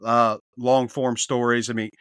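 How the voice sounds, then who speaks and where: A man's voice: medium pitch, flat delivery, measured pace, fairly bright tone, clear, resonant tone, no room sound, studio quality. A man co-hosting a podcast in casual chat, easygoing and retelling jokes. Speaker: podcast co-host.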